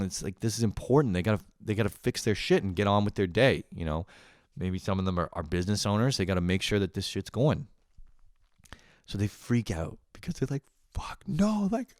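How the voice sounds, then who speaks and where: In clean, dry studio sound, a young man with a low voice hosts his podcast solo, casually recounting funny stories from work. He swears, laughs, and slips into squealing impressions.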